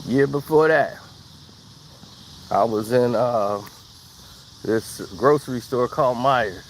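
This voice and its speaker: A young man tells a wry, laid-back anecdote at an unhurried pace. Crickets and insects hum clearly behind him outdoors. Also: medium pitch, low-quality recording. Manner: laid-back, wry, laughs through story. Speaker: storyteller vlogger. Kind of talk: casual anecdote.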